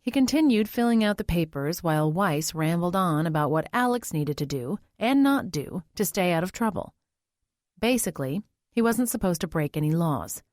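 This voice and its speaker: A woman reads a scripted audiobook in a fairly low voice, pacing her storytelling evenly and with measure. The recording is dry and of studio quality.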